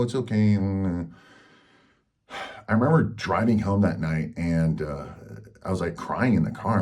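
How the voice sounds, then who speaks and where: A man's voice: sits low, darkish tone. A man hosting a health channel, telling a personal story in a frank, rambling way with lots of fillers.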